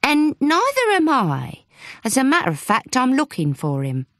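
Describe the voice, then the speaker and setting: A woman reads as an earnest young female reporter in an audiobook. She is quick to set things straight and a little flustered. The sound is close and dry. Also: mid-range voice, big pitch swings, no room sound, voice pushed up. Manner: earnest, quick to defend herself. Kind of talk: audiobook character voice.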